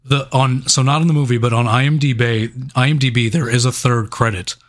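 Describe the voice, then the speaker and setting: A man's voice: medium pitch, fairly even intonation, brisk. A man co-hosting a movie review podcast, chatting casually, swearing and laughing as he jokes. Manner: laughing, profane, joking. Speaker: podcast co-host.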